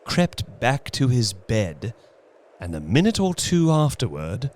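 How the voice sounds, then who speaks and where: A man's voice: medium pitch, very animated, darkish tone. A man narrating a suspenseful classic horror tale in a dramatic audiobook reading. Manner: slow, suspenseful storytelling. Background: faint music.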